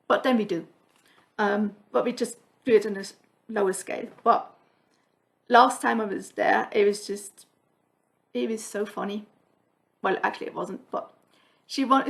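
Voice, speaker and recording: A woman with a fairly high voice and a gravelly edge, chatting casually to her viewers. She tells a story in a loose, rambling way, laughs often and quotes the people in it. The talk stays relaxed and conversational. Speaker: cross-stitch vlogger. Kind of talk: casual chat.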